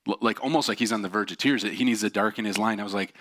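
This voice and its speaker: A man's voice: fairly low pitch, rapid-fire, few pauses, fairly bright tone. A man preaching a sermon, telling a story and acting out the voices of the people in it. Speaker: pastor.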